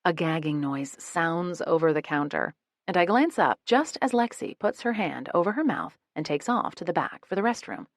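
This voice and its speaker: A woman's voice: sits low, sing-song, moderate pace, dry recording, clean studio sound. A woman narrating a romance audiobook in the first person, switching into many character voices.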